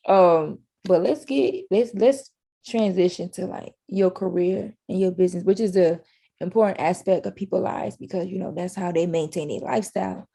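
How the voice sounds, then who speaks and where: Easygoing woman host, lowish voice. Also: moderate pace, creaky, warm tone, husky. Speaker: podcast host. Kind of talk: casual chat.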